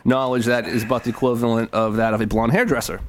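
A man's voice: mid-range voice, fairly even intonation, fast talker, a little hiss or hum. A man co-hosting a radio show, casually running a quiz and patiently laying out the rules, laughing often. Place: radio studio.

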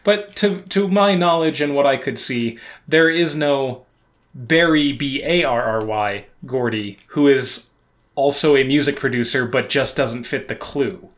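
A man's voice: mid-range voice, a little slow. A man co-hosting a podcast in casual chat, wry and dryly sarcastic, often restarting his sentences. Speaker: podcast co-host.

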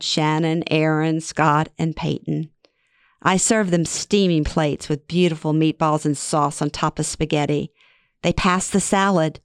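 A woman with a low voice tells her own family stories as a podcast host, frank and wry. Her voice is recorded close on the mic, dry and free of room sound. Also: dry recording. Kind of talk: first-person storytelling.

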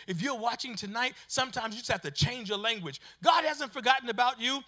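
Guy preaching a sermon, really high bright voice, builds up and hollers. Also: a little fast, few pauses. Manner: preacher cadence, rising into shouts. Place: addressing online viewers.

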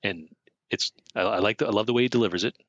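A man co-hosting a podcast, chatting casually about a film he is watching, enthusiastic and quick to float theories. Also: lowish voice, a bit bright, dry recording, dull audio. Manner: enthusiastic, theorizing, laughs often. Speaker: podcast co-host. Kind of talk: casual film commentary chat.

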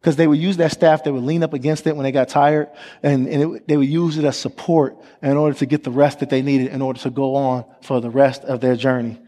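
A man's voice: mid-range voice, little pitch movement, brisk, dark tone. A male pastor preaching a sermon in a church, calling on the congregation to repeat after him and joking with them between points. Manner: call-and-response preaching, asks the congregation questions. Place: church sanctuary. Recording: long hall reverb from the sanctuary.

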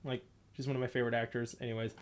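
A podcast host in loose, casual chat. The talk rambles and leans on "like" constantly, breaking often into laughter. The pitch sits in the middle range. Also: level tone, rapid-fire. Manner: rambling, heavy use of "like", frequent laughter.

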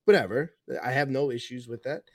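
A man's voice: mid-range voice, fairly quick. A man from New York in casual chat, ranting heatedly and swearing now and then.

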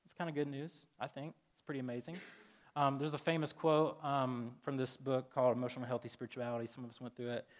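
A man in his thirties, a pastor giving a casual, chatty sermon full of "like" and "um", breaking into loud, lively retellings. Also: fast. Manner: chatty, filler-heavy, jumps loud and high in animated retellings.

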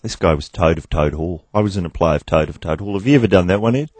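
A man's voice: deep voice, quick pace, darkish tone, dry recording. A man hosting a comedy radio show, joking, telling anecdotes and laughing often. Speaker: radio host.

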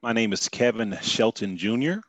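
A man's voice: on the low side, expressive, normal speed, over loud music. A man with an Oklahoma accent, a podcast guest talking in an easygoing, folksy way. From Oklahoma City. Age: adult, married father. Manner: easygoing, folksy, uses y'all. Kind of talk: casual conversation.

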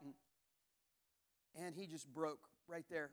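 A man's voice: a little high, fairly even intonation, measured pace, pauses often. A man preaching a sermon at a church camp, telling a personal story in an earnest, conversational way with frequent restarts. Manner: earnest, conversational, many restarts and stammered repeats. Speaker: pastor.

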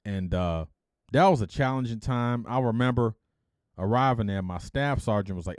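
A middle-aged podcast host from Detroit spins a story in a lively, casual way. He slips into the voices of the people he quotes and throws in blunt, slangy asides. The sound is close and dry, with no room tone at all. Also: mid-range voice, moderate pace, no room sound. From Detroit, USA.

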